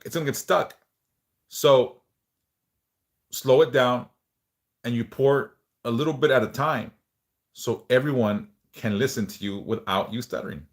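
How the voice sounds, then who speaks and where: A man's voice: medium pitch, normal speed, long pauses. A man hosting a livestream, leading prayers and then chatting casually, swearing now and then and sometimes repeating words as he speaks. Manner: relaxed, swears casually, reads chat aloud; speaks of stuttering, some word repeats.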